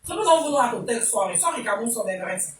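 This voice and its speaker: Speaking very fast in a fairly high, animated voice, this Nigerian woman presents a talk show with comic flair, mixing in pidgin while acting out small scenes. It's lively comic commentary, recorded in an echoey room on a distant mic with a little faint noise.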